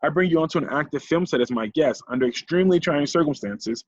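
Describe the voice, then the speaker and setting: Brief: commanding woman director, formal and stern, read by a husky-voiced man. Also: fairly high pitch, animated, quick pace, dry recording, dull audio, voice pushed up. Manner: formal scolding.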